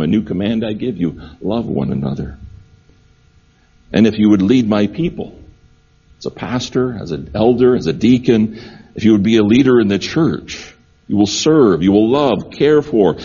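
A man's voice: lowish voice, mellow, breathy edge, muffled recording. A man preaching a sermon, earnest and repeating key phrases for emphasis. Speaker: pastor.

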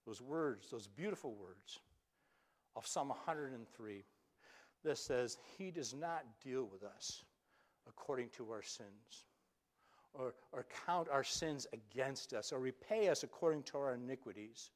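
A male pastor preaching a sermon, telling Bible stories with animated, acted-out quotes and some stammered restarts. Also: mid-range voice, measured pace.

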